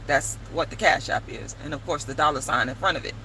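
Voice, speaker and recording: A woman telling a story to camera in a casual vlog, animated and emphatic, swearing freely. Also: sits low, brisk, few pauses, a little hiss or hum, rough recording. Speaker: vlogger and playwright.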